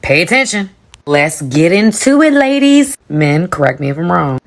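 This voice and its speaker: A woman's voice: lowish voice, big pitch swings, moderate pace. A woman giving relationship advice in a monologue, instructing the audience and addressing them directly.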